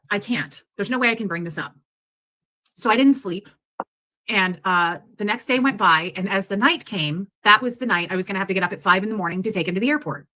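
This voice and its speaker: A woman's voice: mid-range voice, low-quality recording. A woman in a played clip, telling a personal story with emotion. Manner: emotional, animated retelling.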